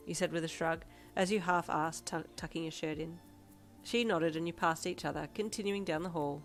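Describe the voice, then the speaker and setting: Woman narrating a fanfic, lowish voice. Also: fairly even intonation, normal speed, faint music behind. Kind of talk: second-person fanfiction reading.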